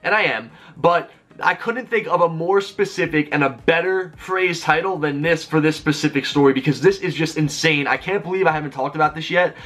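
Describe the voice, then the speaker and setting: A man's voice: a little high, a bit bright. A man in his twenties telling a story to his viewers in a chatty vlog style, filling his talk with "like". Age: 20s. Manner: rapid chatty delivery full of "like". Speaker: YouTuber.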